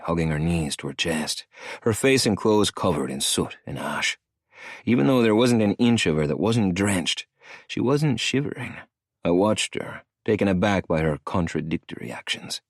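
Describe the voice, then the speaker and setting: A man narrating an audiobook in the first person with an expressive, dramatic delivery. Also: low-pitched, no room sound, studio quality.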